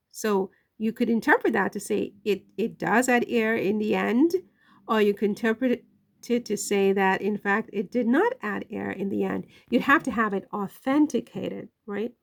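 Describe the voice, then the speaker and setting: Woman, gravelly voice, casual commentary, emphatic, keeps asking "right?". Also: medium pitch. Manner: repeats "right?" often, emphatic and questioning.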